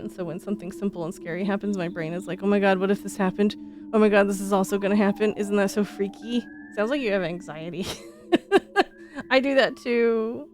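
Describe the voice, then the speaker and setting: A woman streamer chatting casually with her viewers, rambling and laughing often, with frequent casual swearing. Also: mid-range voice.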